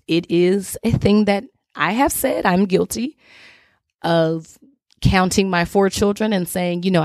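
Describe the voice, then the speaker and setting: A woman's voice: fairly low pitch, no room sound, studio quality. Woman preaching frank marriage advice. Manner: direct, preachy, emphatic coaching; informal, addresses listeners as y'all. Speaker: podcast host. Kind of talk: faith-based advice talk to wives.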